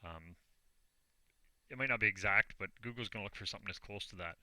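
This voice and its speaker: Canadian guy walking thru a screen tutorial, low voice, bright and punchy, dry sound. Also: quick pace, dry recording. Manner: plain, self-deprecating, talks through each click. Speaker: online business vlogger. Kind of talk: screen-recorded tutorial walkthrough.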